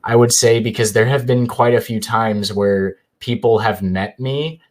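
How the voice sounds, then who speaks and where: A man's voice: mid-range voice, steady tone, a little slow. A young man, a college student and YouTuber, chatting casually as a podcast guest and rambling through anecdotes with lots of fillers. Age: young adult. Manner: rambling storytelling with many fillers.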